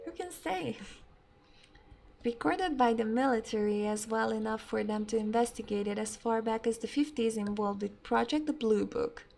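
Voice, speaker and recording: A woman's voice: fairly high pitch, moderate pace, vocal fry, darkish tone. A young woman whose first language is not English, chatting casually and swearing freely as a game streamer. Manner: chatty, swears often, laughs easily. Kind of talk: casual live-stream chat.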